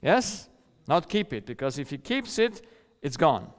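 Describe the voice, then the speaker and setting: This middle-aged preacher from rural countryside speaks in a slightly high, very animated voice at a measured pace. In his sermon he tells a personal story, sometimes voicing the people in it, and laughs a lot. Long hall reverb fills the recording.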